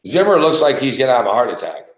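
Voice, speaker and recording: A man's voice: mid-range voice, very animated, fast talker, roomy sound. A man ranting in a frustrated, profane way as he reacts live to a game he has bet on. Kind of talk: casual live reaction rant.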